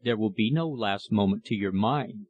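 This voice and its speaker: A man voicing a gentle village priest who speaks in a calm, consoling way. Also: fairly low pitch, moderate pace, slightly rough, narrow, tinny audio.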